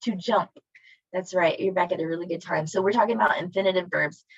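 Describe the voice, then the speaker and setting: A woman with a lowish, husky voice speaks fast, with no echo, while teaching a Spanish class online. She's encouraging, asking students questions and praising their answers, and the video call audio sounds dull and lo-fi.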